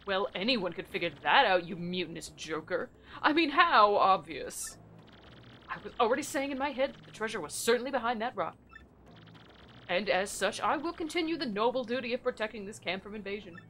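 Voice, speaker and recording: A woman's voice: medium pitch, animated, a little fast, sharp tone, a little hiss or hum. A woman voicing a pompous, cowardly male merchant in a video game, grandiose and fussy. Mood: haughty. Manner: grandiose, fussy, self-pitying. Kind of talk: reading game dialogue aloud in voices.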